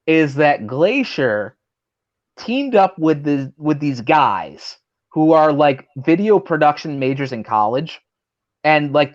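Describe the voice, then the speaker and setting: This man's voice is on the high side, and the audio sounds dull. He's a pro wrestler guesting on a talk show, telling a meandering, foul-mouthed story full of filler words and impersonating whoever he quotes, in the loose style of tales swapped over drinks.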